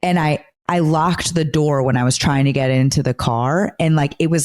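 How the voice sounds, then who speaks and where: Therapist host; mid-range pitch, lively, profane, confessional storytelling. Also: normal speed, hardly any pauses. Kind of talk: casual podcast conversation.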